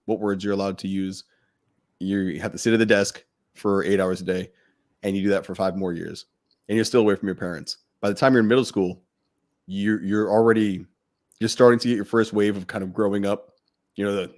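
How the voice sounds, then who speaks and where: A man's voice: fairly low pitch, a little mellow. A man co-hosting a podcast, talking bluntly with swearing and building to heated outbursts. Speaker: podcast co-host. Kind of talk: impassioned podcast rant.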